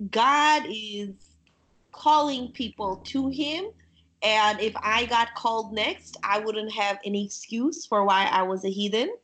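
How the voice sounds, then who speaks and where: A woman's voice: on the high side, a bit bright. A woman from Bangladesh hosting a podcast, teasing her guest and telling her own story candidly. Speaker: podcast host. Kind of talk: casual chat.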